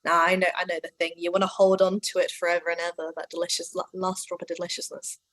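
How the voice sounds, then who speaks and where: A woman hosting an online whisky tasting in a relaxed, chatty way. She gushes with enthusiasm, tripping over fillers and restarts. Her voice sits a little low for a woman. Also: quick pace, poor audio. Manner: enthusiastic, gushing, many fillers. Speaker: whisky brand ambassador. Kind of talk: casual online tasting chat.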